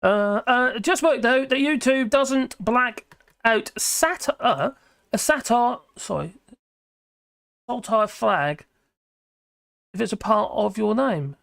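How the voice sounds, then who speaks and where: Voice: mid-range voice, lively intonation, slow pace, creaky, pauses often, fairly bright tone. Chatty live-stream host. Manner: chatty and scattered, reacting aloud to comments. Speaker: live-stream host reading viewer chat. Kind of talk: casual live-stream chat.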